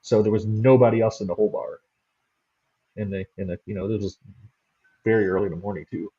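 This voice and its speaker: A man's voice: fairly low pitch, steady tone, fast talker, warm tone, slightly rough, highs cut off. A man who investigates the paranormal, telling rambling stories as an interview guest. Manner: rambling storyteller. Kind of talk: casual interview chat.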